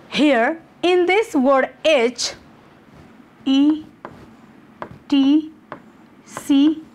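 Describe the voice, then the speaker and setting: A woman from Nepal who teaches English walks her students through exam questions, checking in with "okay" and "you know." Her voice sits high.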